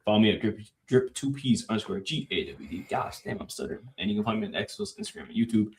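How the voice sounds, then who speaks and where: A man co-hosting a casual sports podcast, talking in a relaxed, slangy way with drawn-out fillers. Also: lowish voice. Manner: laid-back, slangy, drawn-out filler words. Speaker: podcast co-host.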